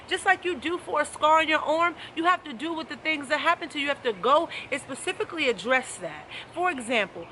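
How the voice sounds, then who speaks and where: A woman's voice: sits high, bright, forceful tone, a little hiss or hum. A woman life coach giving an emphatic, preachy motivational talk to camera, repeating her key phrases.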